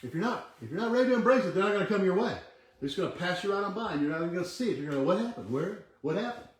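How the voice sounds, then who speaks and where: A man's voice: high-pitched, lively intonation, rapid-fire. Earnest coaching man in an echoey room. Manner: earnest, repetitive, coaching and urging viewers to join in. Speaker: host. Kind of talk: motivational livestream talk with chanted affirmations. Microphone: camera mic, moves back from it.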